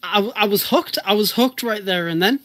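A man's voice: high-pitched, normal speed, a bit bright, no echo. Man, casual chat, rambling restarts, swears, dry sound.

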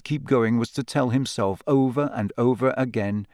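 A man narrating an audiobook in an expressive reading style. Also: medium pitch, normal speed, few pauses, dry recording, studio quality. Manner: expressive, voices characters. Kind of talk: scripted narration.

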